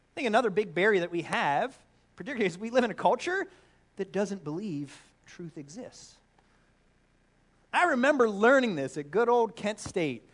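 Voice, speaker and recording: A man in his thirties preaching a sermon, animated and storytelling with playful asides. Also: sits high. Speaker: pastor.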